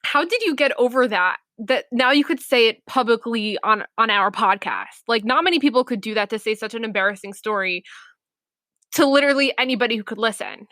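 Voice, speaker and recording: A young woman with a bright, slightly high voice co-hosts a podcast. She reacts warmly to her friend's story with short replies and questions. The sound is dry and close to the mic. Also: brisk, no room sound. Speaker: podcast co-host. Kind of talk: casual chat.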